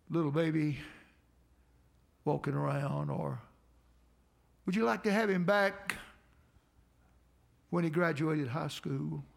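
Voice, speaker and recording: Older male pastor, slightly high gravelly voice, earnest heartfelt sermon delivery. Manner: earnest storytelling, slow and heartfelt. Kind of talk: sermon with prayer.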